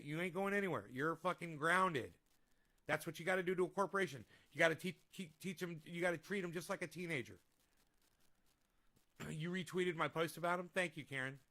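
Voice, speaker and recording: A man's voice: a little high, pushed and bright. A man chatting casually on a home stream, rambling and swearing, growing heated when he rants. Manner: rambling, profane, heated ranting. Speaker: vlogger. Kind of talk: casual live-stream chat. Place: home room with a desk. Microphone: desk microphone.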